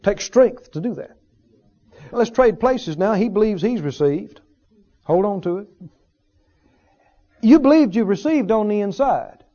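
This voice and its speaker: A male preacher with a high, mellow voice delivers an earnest teaching sermon to a congregation. He leans on repetition and rhetorical questions. The recording is dull and lo-fi. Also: lively intonation, unhurried, long pauses. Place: church service with a congregation.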